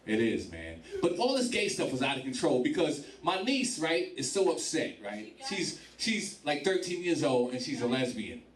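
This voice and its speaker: A man's voice: medium pitch, sing-song, normal speed, hardly any pauses. A man doing stand-up crowd work in a bar comedy club, profane and laughing through his lines. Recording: echoey club from far off with crowd.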